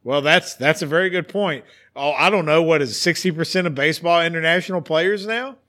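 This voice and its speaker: Bright, animated male sports podcast host. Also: on the high side, a little fast. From West Virginia. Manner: animated, ranting, theatrical emphasis. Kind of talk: casual sports talk.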